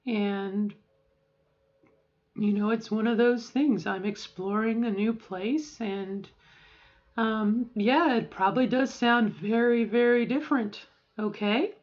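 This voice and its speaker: A woman's voice: fairly high pitch, slow pace, darkish tone, highs cut off. A middle-aged woman talking casually in a voice-training vlog, rambling and often checking in with "okay?". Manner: rambling, keeps adding "okay?". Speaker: vlogger.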